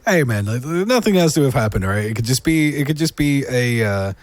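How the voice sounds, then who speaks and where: A man's voice: medium pitch, sing-song, fairly quick, no room sound. A man from England chatting casually as a podcast guest producer, swearing freely and stammering when he starts a point.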